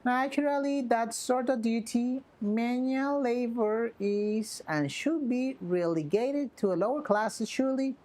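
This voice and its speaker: A woman's voice: on the high side, measured pace, hardly any pauses, darkish tone, close to an everyday voice. A woman voicing a pompous self-styled nobleman in his thirties, reading game dialogue in a haughty, archaic way. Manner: haughty, archaic, grandiose phrasing.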